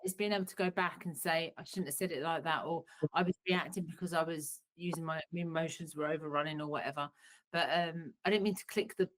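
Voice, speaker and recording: Earnest woman therapist, lowish voice. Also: steady tone, quick pace, rough recording. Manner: earnest, warm advice with frequent restarts. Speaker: psychotherapist. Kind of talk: online workshop talk.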